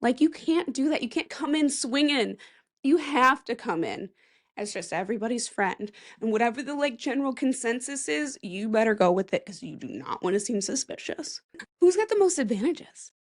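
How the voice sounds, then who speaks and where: A woman's voice: a little high, animated, moderate pace. A young woman hosting a casual solo podcast, chatty and rambling, with self-mocking asides and a voice that cracks now and then. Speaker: podcast host.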